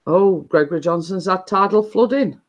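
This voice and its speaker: A woman's voice: fairly low pitch, moderate pace. A woman hosting a chatty live stream, telling stories in a rambling way with many restarts.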